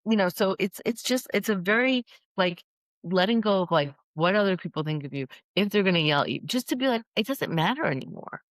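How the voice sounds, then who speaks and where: A middle-aged woman in casual chat, talking fast and acting out quoted voices. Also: mid-range voice, no room sound. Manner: animated, acts out quoted voices. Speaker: podcast guest.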